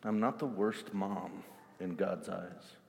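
A calm, self-assured mother , voiced by a male preacher, talks herself through in slow, quiet reassurance. The level delivery carries a long hall reverb. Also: low voice, gravelly, voice pushed down, exaggerated voice. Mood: steady.

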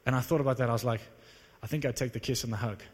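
A man preaching to a live audience, telling a story in an animated, conversational, self-mocking way. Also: medium pitch, rapid-fire. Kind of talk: sermon storytelling. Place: large hall with live audience. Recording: long reverb of a large hall.

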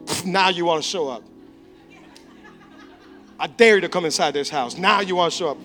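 A man's voice: sits high, moderate pace, pushed and bright, faint music behind. A man voicing Mary, a stubborn, sulking sister who refuses to leave the house, in a sermon. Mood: sulky. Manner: stubborn, sulky.

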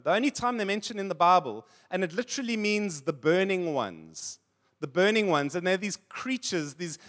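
A man with a notably high-pitched voice delivers a sermon to his congregation. He preaches in an easy, conversational way, breaking off into humorous stories and chuckling along with them. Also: a bit bright. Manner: conversational preaching, tells funny anecdotes and laughs. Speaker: pastor.

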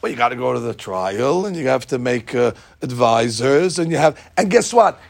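A man giving a lively, jokey storytelling lesson as a religious teacher. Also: medium pitch, moderate pace, creaky. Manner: lively, jokey, acts out scenes.

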